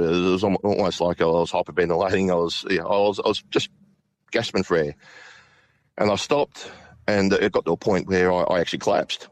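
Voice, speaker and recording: A middle-aged man recounting a personal ghost story, halting with many restarts and fillers. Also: low-pitched, no echo. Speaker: guest.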